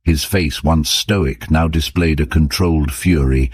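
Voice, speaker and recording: A man narrating an audiobook story for English learners in a clear, even storytelling manner. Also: very deep voice, a little slow, dry recording, clean studio sound.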